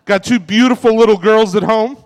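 Stand-up comic, man in his forties, raised pitch, deadpan self-mocking jokes, reverberant club room. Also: a little fast. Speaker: stand-up comedian. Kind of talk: stand-up comedy set. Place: comedy club stage.

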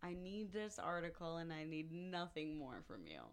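A woman's voice: deep voice, moderate pace, smooth. A woman co-hosting a casual podcast in a studio, reading out a news story with swearing and jokes. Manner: animated, swears freely, reads news aloud with jokes. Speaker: news segment co-host.

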